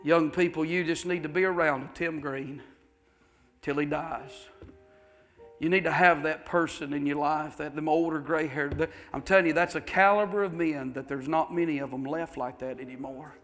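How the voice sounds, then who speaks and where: A man's voice: on the high side, steady tone, normal speed, a bit bright, faint music behind. A male pastor preaching a sermon, telling folksy stories with fervor and repeating his phrases.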